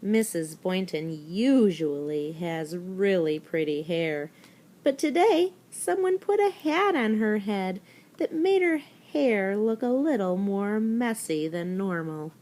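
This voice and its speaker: A woman's voice: medium pitch, big pitch swings, slow, a little mellow. A woman teacher giving a recorded spelling lesson to young children, talking them through words and spelling them out letter by letter. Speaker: elementary school teacher.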